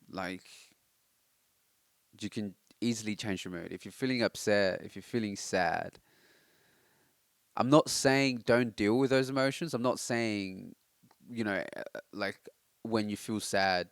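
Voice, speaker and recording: A man's voice: fairly low pitch, smooth, no echo, studio quality. A young man talking reflectively on a late-night personal vlog, rambling with many fillers and restarts, his throat itchy and tired. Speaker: vlogger.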